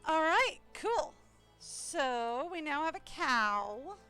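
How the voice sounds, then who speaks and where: A woman's voice: high voice, sing-song, drawn-out words, sharp tone. A woman streaming a game live, musing and rambling aloud as she plays. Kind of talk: casual live-stream commentary. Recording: game music faintly behind.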